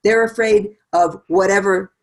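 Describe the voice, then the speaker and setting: A woman's voice: medium pitch, steady tone, a little slow. Middle-aged lady chatting through a talk, laughs a lot, acts out the quotes. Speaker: speaker series presenter. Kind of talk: casual conversational talk.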